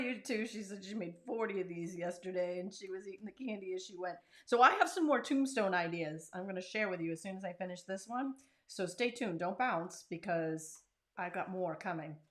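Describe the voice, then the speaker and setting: A woman's voice: mid-range voice, fairly bright tone. A woman hosting a casual crafting tutorial, chatting and joking while she works. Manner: chatty and self-deprecating, talks while working. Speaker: craft channel host.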